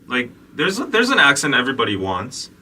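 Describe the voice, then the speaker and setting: A young man hosting a casual livestream podcast chat, upbeat and quick to laugh, stretching out excited shout-outs. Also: mid-range voice, recorded from a distance, a little hiss or hum. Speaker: podcast host.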